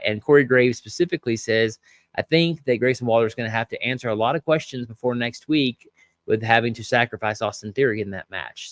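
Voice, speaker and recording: A man in a medium-pitched voice talks through a wrestling recap in a loose, chatty way, full of fillers and asides. He reads out viewer comments as he goes. The sound is dry and close, with no room around it. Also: dry recording. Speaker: podcast host reviewing wrestling.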